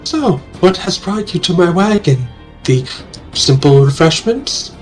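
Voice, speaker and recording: A man voicing a sly old fortune-teller woman who speaks in a knowing, gently teasing way. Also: fairly low pitch, very animated, a little slow, faint music behind, voice pushed up.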